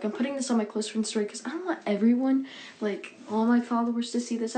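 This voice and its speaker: A woman's voice: on the high side, darkish tone. A young woman giving an earnest, rambling, impassioned monologue into her phone, swearing often. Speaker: social media poster.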